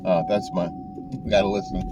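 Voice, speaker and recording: A man's voice: low-pitched, level tone, fairly quick, heavy background noise. An older man, a saxophone teacher, giving casual, folksy advice in a rambling way with frequent restarts, recorded in a car. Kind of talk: casual talking-to-camera advice.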